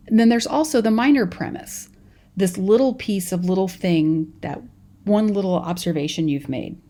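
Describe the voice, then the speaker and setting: A woman's voice: lowish voice, warm tone. A young adult woman from California with a Californian accent, teaching a college lecture in a chatty storytelling way with frequent restarts. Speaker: college professor. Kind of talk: recorded lecture.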